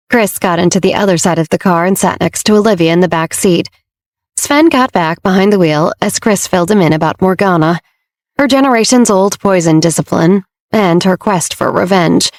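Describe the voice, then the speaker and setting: Woman audiobook narrator, steady measured reading, mid pitch, dry close mic. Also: no room sound. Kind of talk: scripted narration.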